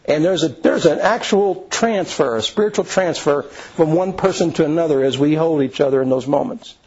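A man's voice: on the high side, moderate pace, darkish tone, husky, highs cut off. A man preaching a conversational sermon in an earnest, folksy way, with frequent restarts and asides to the congregation. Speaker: pastor.

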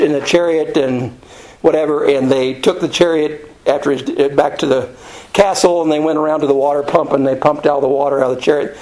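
A man's voice: a little high, darkish tone, poor audio. An American man teaching a casual Bible study, telling the story in a folksy, rambling way with plenty of fillers. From United States.

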